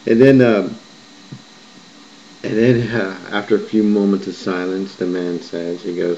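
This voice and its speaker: A man's voice: low-pitched, little pitch movement, unhurried, mellow, slight background noise. A man recounting a vision in a rambling, digressive monologue, often restarting and correcting himself. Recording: muffled lo-fi recording with faint background ambience.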